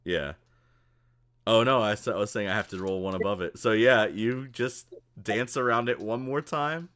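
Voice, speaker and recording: A man narrating a tabletop game as game master, casual and excitable, often laughing as he describes the action. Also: fairly low pitch, normal speed.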